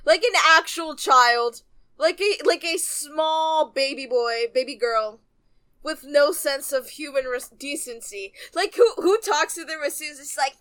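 High bright-voiced woman ranting casually. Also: measured pace. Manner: exasperated, ranting. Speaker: podcast co-host. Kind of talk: casual book-club chat.

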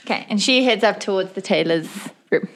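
A woman's voice: mid-range voice, a little fast. A woman playing a tabletop role-playing game, describing her character's actions casually and hesitantly. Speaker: player.

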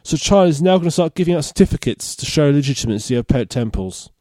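Male podcast host, mellow fairly high voice, dry close sound, reads news with jokey asides. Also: animated, fast talker, no room sound. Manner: reads out odd news stories with laughing asides. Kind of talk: casual comedy podcast chat.

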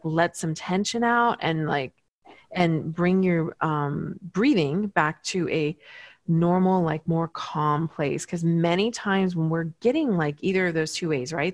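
A woman therapist calmly explaining coping techniques in casual conversation, talking with many fillers and restarts. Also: fairly low pitch, dry recording. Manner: calm, explanatory, with frequent fillers.

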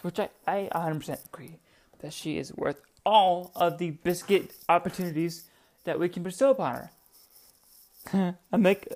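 A young woman hosting a podcast in casual chat, profane, excitable and rambling, talking into a desk microphone. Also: deep voice. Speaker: podcast host.

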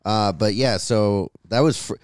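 A man with a low voice co-hosts a podcast, stoned and talking in crude, joking banter. He often breaks off mid-sentence. The sound is dry and close, with little room sound. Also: a little slow, clear, resonant tone, dry recording. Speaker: podcast co-host.

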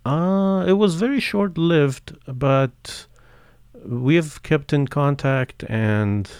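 A man's voice: fairly high pitch, darkish tone, smooth, no room sound, clean studio sound. A man co-hosting a podcast in casual chat, speaking hesitantly with many fillers and restarts. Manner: hesitant, halting, full of fillers. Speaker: podcast co-host.

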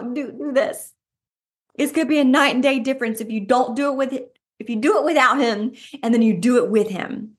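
A woman giving passionate devotional preaching, animated and fervent, breaking into laughter at times. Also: mid-range voice. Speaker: devotional author and speaker.

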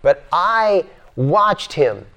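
A man's voice: high-pitched, drawn-out words. Older man teaching a spiritual class. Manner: animated, acts out voices and repeats phrases. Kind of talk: spiritual lecture to a live class. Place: yoga center, indoors.

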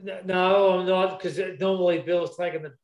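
A man's voice: sits high, level tone, moderate pace, muffled recording. A man co-hosting a casual podcast, upbeat and joking. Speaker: podcast co-host. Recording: roomy echo.

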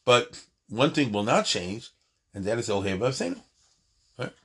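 A man's voice: mid-range voice, lively intonation, moderate pace, fairly bright tone, husky. A man teaching an informal lecture on prayer, talking in an emphatic, digressive way with many asides and restarts. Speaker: Torah teacher.

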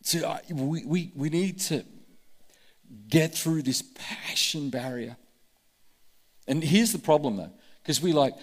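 Male pastor, fairly high voice, impassioned sermon, acts out quotes, long hall reverb. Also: a little slow, pauses often.

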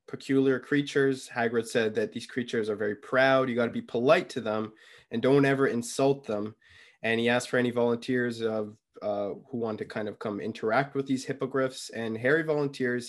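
A young man loosely retells a chapter for a podcast, tossing in fillers and little quoted asides as he goes. His voice sits at an everyday middle pitch for a man. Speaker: podcast co-host. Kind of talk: casual chapter recap.

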